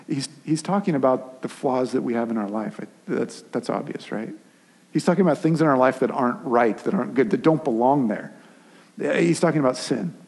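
A man's voice: medium pitch, gravelly, husky. Conversational male preacher in a reverberant hall. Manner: animated, conversational preaching with restarts and acted asides. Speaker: pastor. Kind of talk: sermon.

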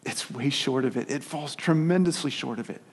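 A man's voice: medium pitch, moderate pace, slightly rough, big-room sound. A man preaching a sermon as pastor, telling stories conversationally with restarts and filler words.

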